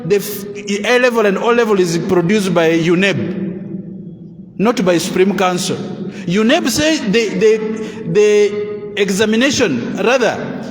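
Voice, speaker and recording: A man's voice: high voice, expressive, slow. A man with a Ugandan English accent giving a public speech to a gathering and arguing his point with rhetorical questions. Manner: argumentative, full of rhetorical questions. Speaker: Muslim council official addressing a gathering. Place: large echoing hall at a school event. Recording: echoey hall with long reverb.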